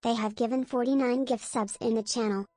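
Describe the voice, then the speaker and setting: A synthetic woman's voice reading stream alerts aloud in flat, evenly paced announcements. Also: mid-range voice, fairly quick, heavy background noise. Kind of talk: text-to-speech alert reading.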